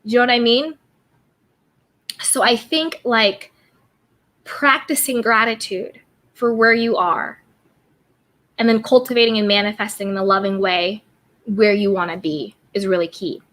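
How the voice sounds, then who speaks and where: A woman's voice: medium pitch, fairly even intonation, a little slow, pauses often, a bit bright. A woman hosting a casual self-care livestream, greeting viewers from the chat and repeating upbeat affirmations. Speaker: livestream host reading chat.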